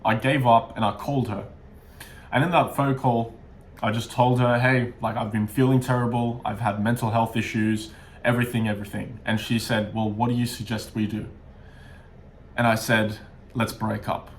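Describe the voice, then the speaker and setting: A man's voice: mid-range voice, level tone, moderate pace, slight background noise. Raw, confessional young man. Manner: raw, confessional, frequent swearing and restarts. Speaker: self-improvement vlogger. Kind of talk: candid personal story to camera.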